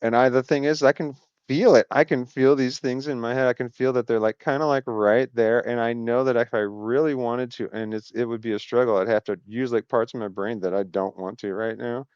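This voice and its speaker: A man with a smooth, resonant voice talks in a loose, meandering monologue, often breaking off mid-thought with wry asides. The sound is dry and close, with no room around it, and the recording is dull and lo-fi. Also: medium pitch, fairly even intonation, brisk, few pauses, darkish tone, dry recording. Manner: meandering, self-interrupting, wry. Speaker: video host. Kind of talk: casual rambling monologue.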